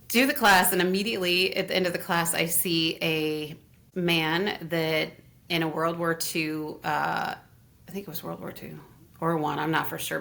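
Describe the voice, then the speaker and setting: Gravelly low-voiced woman telling a story. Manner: animated, laughs often, acts out what others said. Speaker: interview guest, Reiki teacher. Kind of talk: casual storytelling in conversation.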